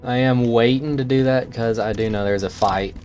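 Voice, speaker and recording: Playing a survival game, a streamer muses casually in let's-play commentary, his mid-range voice steady and slightly dark, moving at a normal speed. There's game music in the background.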